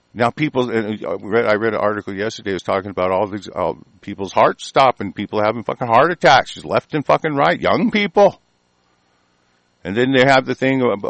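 A man's voice: lowish voice, no room sound. A man ranting angrily as a talk show host, swearing constantly and laughing mockingly. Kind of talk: profane conspiracy rant.

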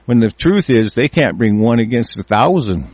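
A man in a furious, profane rant, repeating himself and shouting through restarts. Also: mid-range voice, very animated, moderate pace, slightly rough, dry recording. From United States. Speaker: ranting commentator.

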